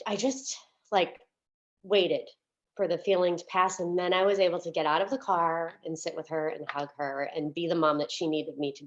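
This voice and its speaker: A woman minister giving a sermon as a candid, chatty personal story, with many fillers and restarts, at times close to tears. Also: on the low side. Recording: dull lo-fi recording.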